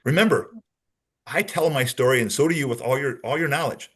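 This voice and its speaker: A man delivers a training lecture on spotting lies, with a slightly husky, breathy voice at an ordinary middle pitch. He explains step by step, repeats his key points and acts out sample answers. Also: quick pace, a bit bright. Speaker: instructor on deception detection.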